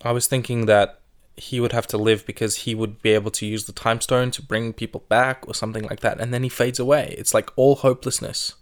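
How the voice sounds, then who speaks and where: A man in a casual movie discussion, telling scenes with emotion and quoting lines softly. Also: medium pitch, brisk. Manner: emotional, animated storytelling, quotes scenes softly.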